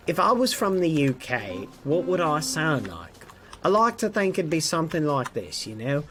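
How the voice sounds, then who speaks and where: A man's voice: a little high, big pitch swings, moderate pace. A man voicing a cheeky British man in a put-on British accent. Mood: playful. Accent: mock British.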